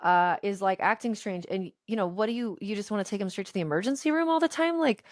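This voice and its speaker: A woman in her thirties co-hosting a podcast, talking in an emphatic, opinionated, animated way. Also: medium pitch, fast, no echo, clean studio sound. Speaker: podcast co-host. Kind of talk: casual chat.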